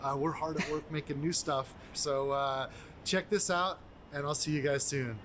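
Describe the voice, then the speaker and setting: A man's voice: fairly high pitch, steady tone, moderate pace, a bit bright. A man presenting for a game studio, upbeat and informal, addressing viewers at the end of a showcase. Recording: noisy rebroadcast stream audio.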